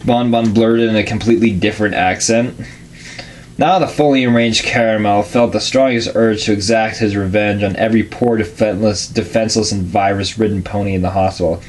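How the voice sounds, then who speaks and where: A man giving a deadpan, casual reading of a crude comedic fan story, with offhand asides. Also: lowish voice, brisk, slight background noise.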